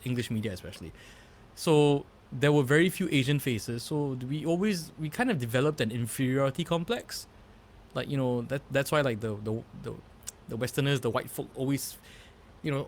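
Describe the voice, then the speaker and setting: A man's voice: medium pitch, moderate pace. A man in his thirties hosting a podcast, rambling with many fillers and restarts in casual chat. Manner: rambling, filler-heavy, laughs easily. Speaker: podcast host.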